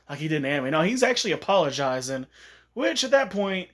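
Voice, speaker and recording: A man's voice: high-pitched, big pitch swings, fast. A man with a slightly raised voice tells a fan story in a loose, rambling way. He leans on fillers as he goes, and his tone stays casual throughout.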